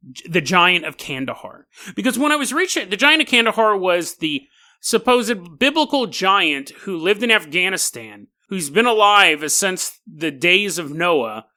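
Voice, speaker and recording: A high-pitched, very lively male podcast host with a sharp, bright tone. He rambles through strange stories with jokes and silly sound effects, often stumbling and correcting himself. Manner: frequent self-corrections and laughter. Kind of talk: casual comedic storytelling.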